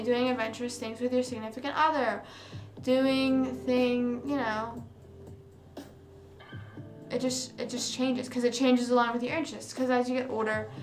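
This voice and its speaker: A young woman hosting a livestream, chatting casually with viewers, rambling and correcting herself with lots of fillers. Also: a little high. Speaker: livestream host. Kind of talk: casual chat with live viewers. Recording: roomy sound with music behind. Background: music.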